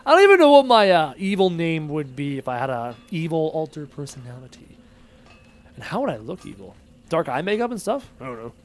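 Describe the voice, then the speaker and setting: A man with a fairly high, sing-song voice streams a game live, speaking a little fast. He mutters and chats along as he plays, reading the chat aloud.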